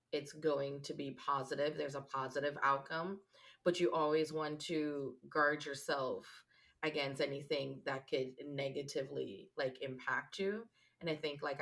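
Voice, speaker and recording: A woman with a notably low voice speaks in an unhurried, reflective way. She talks casually as a podcast co-host, leaning on fillers as she thinks aloud. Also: fairly bright tone. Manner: reflective, uses many fillers like "like". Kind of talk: casual conversation.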